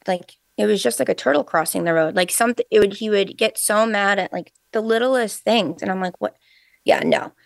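A woman co-hosting a podcast, chatting casually and telling animated stories with plenty of quoted dialogue. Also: fairly low pitch, creaky, no echo. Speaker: podcast co-host. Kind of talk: casual conversational storytelling.

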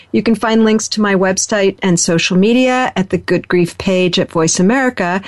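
A woman hosting a radio interview, soft-spoken and affirming, reading show announcements. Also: mid-range voice, no room sound.

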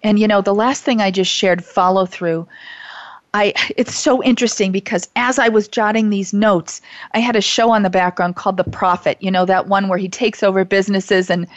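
A woman's voice: medium pitch, steady tone, moderate pace, no echo, muffled recording. A middle-aged woman hosting a call-in show for teachers, talking in an earnest, gushing way with many restarts. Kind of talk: heartfelt casual talk show monologue.

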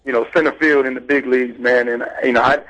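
A man's voice: mid-range voice, steady tone, fast, a bit bright, low-quality recording. A man who played baseball in the infield, telling stories on a sports talk show and often saying "you know what I mean". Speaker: co-host, former baseball infielder.

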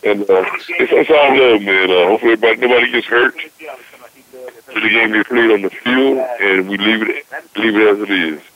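A man's voice: on the low side, normal speed. A male caller talking to a sports radio show in a laid-back, rambling way, often saying "man". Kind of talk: casual phone-in chat. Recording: muffled phone-in line.

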